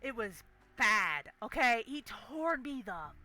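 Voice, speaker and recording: A woman's voice: fairly high pitch, sing-song, takes it slowly, pushed and bright. A woman streamer telling a story in a casual, profane, emphatic way, often checking in with "okay?". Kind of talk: casual solo storytelling during a game stream.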